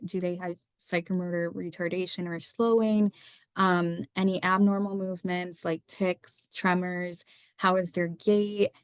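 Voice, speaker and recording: A woman's voice: lowish voice, clean tone, dry recording, studio quality. A young woman, a psychiatry resident, teaching medical students through a slide lecture, running through lists of questions in an explanatory way. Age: young adult.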